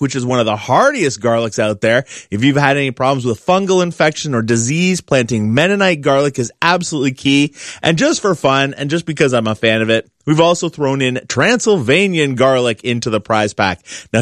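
A man's voice: mid-range voice, no room sound, studio quality. A man hosting a call-in gardening radio show, talking in an upbeat, chatty, promotional way.

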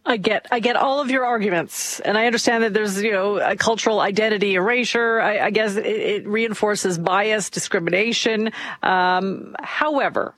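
A woman co-hosting a talk radio debate, speaking in a measured, conversational way. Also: mid-range voice, a bit bright, no echo. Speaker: radio co-host.

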